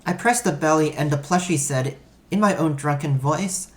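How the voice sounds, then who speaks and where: Low-voiced woman narrating. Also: normal speed. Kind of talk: first-person story narration.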